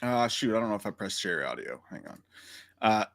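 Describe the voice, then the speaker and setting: A man's voice: fairly low pitch, sing-song, a little fast, vocal fry, fairly bright tone. A man co-hosting a movie livestream, playfully reading viewer messages and trading jokes. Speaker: co-host of a movie talk livestream. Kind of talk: casual chat.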